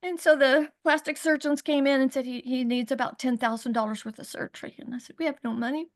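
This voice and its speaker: A middle-aged woman on a video call, earnestly telling a hard personal story, halting and rising in pitch when upset. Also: level tone. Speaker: guest sharing her story. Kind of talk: emotional personal testimony.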